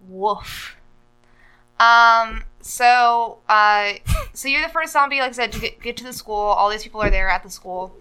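A woman talks casually on a podcast, wandering through her point with many "uh"s and "like"s. Her voice is bright and crisp, with a smooth, clean tone. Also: on the high side, moderate pace, rough recording. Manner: rambling, full of "uh" and "like". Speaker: podcast co-host. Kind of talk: casual chat.

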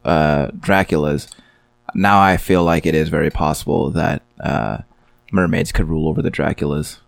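A man's voice: rumbling low, fairly even intonation, moderate pace, creaky, no room sound. A man co-hosting a podcast, chatting casually and cracking crude jokes. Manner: crude joking. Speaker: podcast co-host. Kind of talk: casual chat.

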